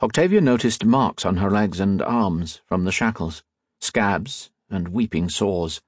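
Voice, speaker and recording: Husky low-voiced male audiobook narrator. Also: no room sound, studio quality. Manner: measured, expressive storytelling.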